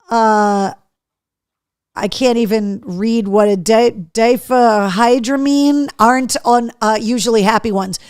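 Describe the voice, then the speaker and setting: A woman hosting a live show, chatting and reading viewer comments aloud, telling stories in an animated, profane way. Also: fairly high pitch, clear, resonant tone, no room sound, studio quality. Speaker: host.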